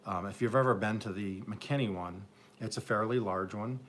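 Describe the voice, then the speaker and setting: Low-voiced upstate New York man. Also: moderate pace, a bit bright, slight background noise. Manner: rambling, self-mocking, joking with chat viewers. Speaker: garden channel host. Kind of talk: live-stream casual chat. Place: home garden, Oklahoma.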